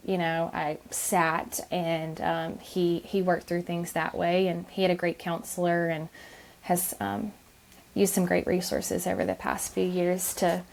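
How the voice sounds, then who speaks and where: A woman in her thirties with a lower, gravelly voice talks through an interview softly. She hesitates often, filling gaps with ums and starting sentences over. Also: level tone, measured pace. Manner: soft-spoken, many ums and restarts. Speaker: podcast guest. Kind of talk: conversational interview.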